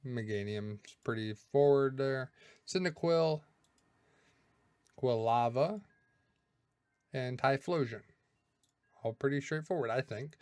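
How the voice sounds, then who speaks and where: A man's voice: medium pitch, a little slow, long pauses, darkish tone, no room sound. A man in a casual read-through of names, musing aloud and second-guessing how he says them. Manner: musing, second-guessing his own pronunciations. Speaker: YouTuber.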